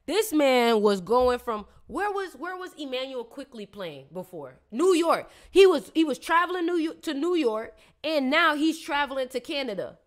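A woman's voice: sits high, big pitch swings, normal speed, few pauses. A woman on a casual live stream, reading viewers' astrology in a chatty, playful, slangy way and teasing her audience.

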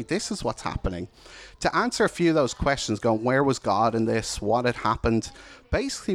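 Earnest man telling his story. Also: mid-range voice. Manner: candid, reflective, earnest. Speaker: speaker sharing a personal testimony. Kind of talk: personal storytelling talk.

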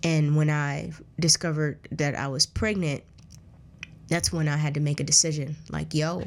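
A woman's voice: deep voice, flat delivery, moderate pace. A woman in her thirties, a guest in an interview, telling her life story in a candid, earnest way, often restarting her sentences. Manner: acts out others' words in a raised voice. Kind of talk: casual personal storytelling.

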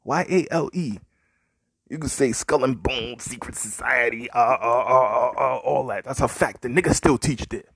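A man's voice: medium pitch, normal speed, vocal fry, a bit bright, slightly rough, no room sound, clean studio sound. A man giving rambling, profane opinion commentary, firing off heated, mocking rhetorical questions at his listeners. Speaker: commentary podcaster.

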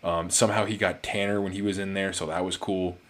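Deep-voiced man rambling through a movie review. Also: a little fast. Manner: rambling, relaxed, with many fillers and restarts.

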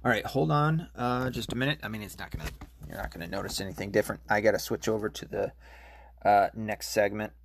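A man's voice: fairly low pitch, quick pace, creaky, slight background noise. A man hosting his own show, ranting alone, profane and rambling, angry and full of fillers and restarts. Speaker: podcast host. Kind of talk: solo political rant.

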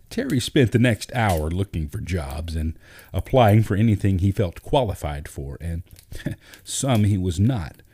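A man narrating a storybook in a measured, gentle reading. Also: low voice, husky.

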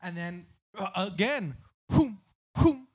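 Loud, animated man telling a rowdy story. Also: high-pitched, slow pace, breathy edge. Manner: loud, profane, acts out crowd voices. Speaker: podcast guest. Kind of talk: casual storytelling chat.

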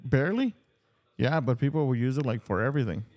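A middle-aged man co-hosting a casual podcast chat, telling a lively story and laughing often. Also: medium pitch, fast. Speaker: podcast co-host.

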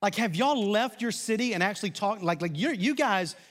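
A Southern man preaching a sermon in a fairly high voice, talking like he's chatting with the congregation. He swings from loud, driving points to soft, quiet asides. His voice rings out with the long reverb of a big church hall. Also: expressive, normal speed. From Arkansas. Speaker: pastor.

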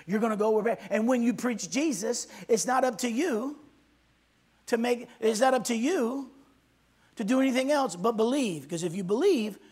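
A male pastor preaching a sermon in a strikingly high voice. His tone is husky and a little breathy. He drives his points home with emphasis and calls for responses from the people in front of him. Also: normal speed, a little mellow.

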